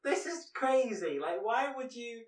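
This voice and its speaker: A man's voice: very high voice, animated, far from the mic. Playful man in an echoey room. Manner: playful, teasing, quick to laugh. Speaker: podcast co-host. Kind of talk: casual comedic chat.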